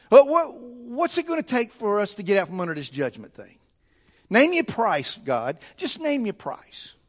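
A man voicing a defensive, sarcastic sinner who sounds like a sulky teenager and fires off mocking questions. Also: high voice. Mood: haggling. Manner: mocking, exasperated rapid questions. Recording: long church reverb.

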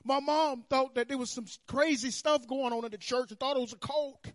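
A man preaching a sermon, telling his own story with animated swings between hushed and loud. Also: very high voice, a little fast, no echo, clean studio sound. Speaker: pastor. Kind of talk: sermon testimony. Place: church sanctuary.

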